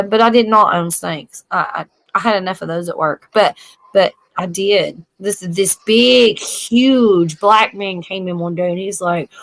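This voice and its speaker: A woman in her forties with a drawl hosts a casual live stream, telling rambling stories and laughing often. Her voice is bright and forward, and it sits close and dry with no room around it. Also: medium pitch, dry recording, rough recording. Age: 40s. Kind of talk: casual chat.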